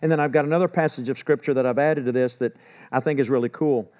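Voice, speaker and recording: A man preaching a sermon in an animated way, with sarcastic humor and quiet asides when telling stories. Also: mid-range voice, fast talker. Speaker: pastor.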